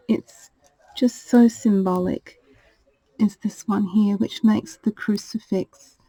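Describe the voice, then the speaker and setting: A woman presenting her craft purchases in a casual show-and-tell, talking in a gentle, gushing way. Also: mid-range voice, slightly rough, no room sound, rough recording. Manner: gentle and gushing, fond of "little".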